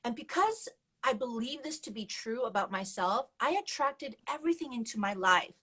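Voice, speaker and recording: Brief: woman guest, fairly high voice, candid and animated testimony, quick to laugh. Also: husky, rough recording. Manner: candid, animated, laughs often while telling. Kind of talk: personal testimony storytelling.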